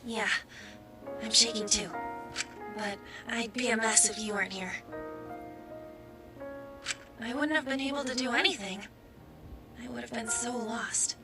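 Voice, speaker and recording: An actress playing a gentle, caring young woman in a video game, speaking softly and reassuringly. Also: fairly high pitch, brisk, music in the background, close to an everyday voice. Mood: tender. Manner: soft, tender, reassuring. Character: gentle young female pianist student, caring.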